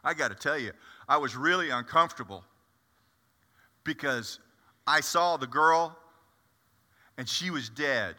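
A man's voice: a little high, lively intonation, a little slow, pauses often, pushed and bright, exaggerated voice. A man performing a first-person monologue as the apostle Peter, a blunt and impetuous fisherman, with chatty, confiding asides to the audience. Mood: storytelling. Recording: echoey hall.

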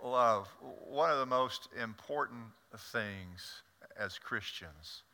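Guy preaching in church, bright sharp voice, keeps repeating words as he goes, long echo off the sanctuary. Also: mid-range voice, slow, creaky. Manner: animated storytelling with frequent stammered repeats. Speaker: pastor. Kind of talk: sermon.

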